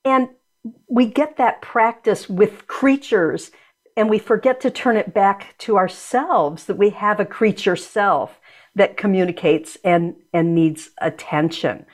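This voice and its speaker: Woman, interview guest, reflective, restarts often, mid-pitched voice. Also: slow pace. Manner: reflective, searching, with repeated restarts. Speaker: guest, author and energy medicine practitioner. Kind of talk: conversational interview.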